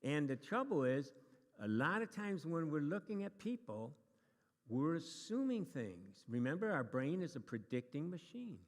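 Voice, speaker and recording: A man's voice: a little high, big pitch swings, normal speed. A man teaching a church class to a live group, chatty and joking, with many restarts. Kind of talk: casual lesson to a live group. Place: church meeting room. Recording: long reverb of a hall.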